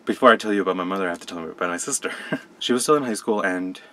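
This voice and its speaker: A young man from Colombia telling a personal story to camera, soft-spoken and hesitant, often restarting his sentences. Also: deep voice, very fast. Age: young adult. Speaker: vlogger. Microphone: camera mic.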